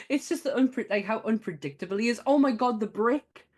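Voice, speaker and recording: A woman co-hosting a podcast in casual chat, excitable and quick to giggle. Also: fairly high pitch. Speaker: podcast co-host.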